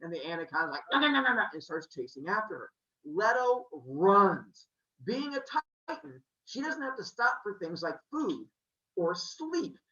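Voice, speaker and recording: A man hosting a podcast, telling a myth in a playful, animated way with jokey asides. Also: sits high. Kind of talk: comic storytelling. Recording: roomy, slightly muffled.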